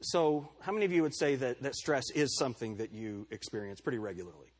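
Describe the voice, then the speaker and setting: Husky-voiced male pastor preaching casually. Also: medium pitch, expressive, fast talker. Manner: conversational, calls on congregation members by name; candid and self-deprecating. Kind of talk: sermon. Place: church service before a congregation.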